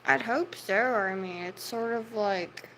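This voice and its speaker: Slow-talking woman ranting at her chat. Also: medium pitch, fairly bright tone, a little hiss or hum, rough recording. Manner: heated, profane, scolding. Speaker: livestreamer. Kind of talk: livestream rant at chat.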